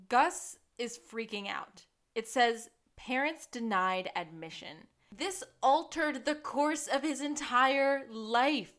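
A woman co-host with a fairly high voice, chatting casually and laughing often. She riffs on the episode with playful asides and quick explanations. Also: animated, a bit bright. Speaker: podcast co-host. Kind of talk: casual recap chat.

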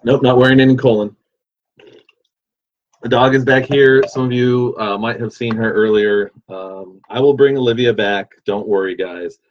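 A man's voice: medium pitch, steady tone, normal speed. A man hosting a livestream, chatting casually and reading out viewer comments in an easygoing, rambling way with many fillers. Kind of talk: casual chat. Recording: dull lo-fi sound.

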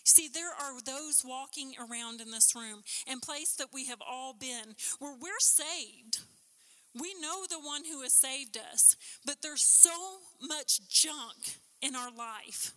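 A woman preaching a sermon with passion, building to emphatic peaks and then dropping low. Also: sharp tone. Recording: long hall reverb.

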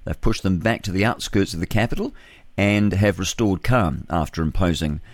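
A man's voice: low voice, moderate pace, dry recording. A New man hosting a talk radio show, reading news headlines and adding scornful remarks between them. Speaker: radio host.

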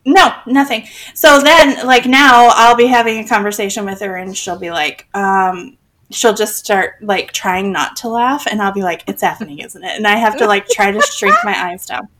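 A woman's voice: medium pitch, normal speed, fairly bright tone, poor audio. A woman in her forties chatting casually from her bedroom floor into a microphone, laughing often and poking fun at herself. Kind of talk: casual chat. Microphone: desk microphone.

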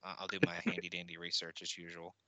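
A man's voice: low voice, monotone, quick pace, pushed and bright. A man co-hosting a casual podcast where he watches a movie live, talking in a laid-back way and laughing often. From United States. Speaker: podcast co-host.

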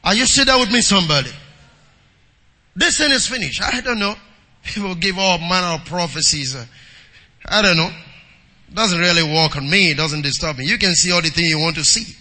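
A man preaching a sermon to a congregation, calling out for amens and reading scripture, moving between quiet talk and shouting. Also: sits high, a little fast, pauses often, long reverb tail.

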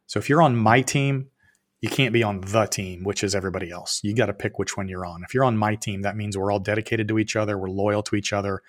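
A man's voice: fairly low pitch, fast talker. A man in his fifties, a guest on a podcast, telling a business story with lots of acted-out dialogue and plain-spoken swearing. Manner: animated storyteller who acts out both sides of quoted dialogue.

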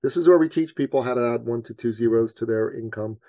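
A man, a business coach, telling a personal story on a podcast in an earnest, animated way that leans on his faith. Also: medium pitch, fast talker, no room sound. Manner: animated storyteller, acts out his own panic.

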